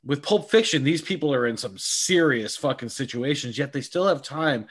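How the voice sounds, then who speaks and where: A man co-hosting a casual film podcast, talking in an animated way, swearing a lot and acting out scenes with many restarts. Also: medium pitch, normal speed, husky. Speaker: podcast co-host. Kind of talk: casual chat about films.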